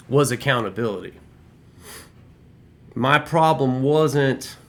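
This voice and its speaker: Brief: middle-aged man, casual storyteller, rambling and profane, mid-pitched voice. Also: a bit bright. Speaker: former restaurant shift manager telling a story.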